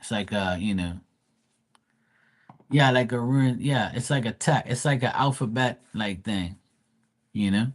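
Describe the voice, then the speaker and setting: A man's voice: mid-range voice, unhurried, long pauses. A man giving a casual live tarot reading, reading card text aloud and chatting loosely with plenty of fillers. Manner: casual, rambling with many fillers. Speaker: tarot reader.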